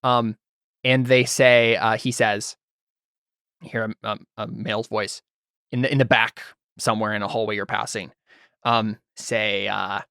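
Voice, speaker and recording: A man's voice: lowish voice, level tone, measured pace, gravelly, pauses often, pushed and bright, clean tone, no room sound, studio quality. A man narrating as game master of a tabletop role-playing game, talking loosely with many fillers and restarts.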